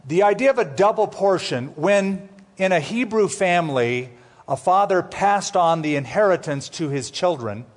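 A man teaching a Bible sermon as pastor, conversational with jokey asides, slowing down to spell out names. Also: sits high, expressive.

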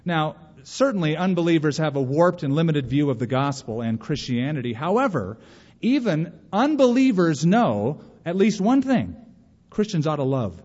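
A man's voice: fairly high pitch, normal speed. Man preaching in a reverberant hall. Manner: animated preaching with acted-out quotes. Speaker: pastor. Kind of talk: sermon. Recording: muffled recording in a reverberant hall.

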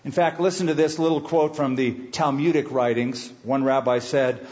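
A man preaching a sermon, reading scripture slowly and with weight, then breaking into conversational asides to the congregation. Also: mid-range voice, fairly even intonation, a little mellow, muffled recording. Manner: expository preaching, reads scripture slowly and emphatically. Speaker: pastor.

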